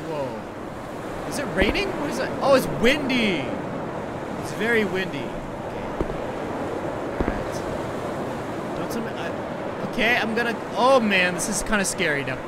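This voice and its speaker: A man with a very high voice commentates a horror game, excitable and lively, swinging from nervous muttering to yelps. He takes his time over the words, and steady noise sits under the recording. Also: a little slow, long pauses. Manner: excitable, yelps and screams at jump scares. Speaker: gaming YouTuber.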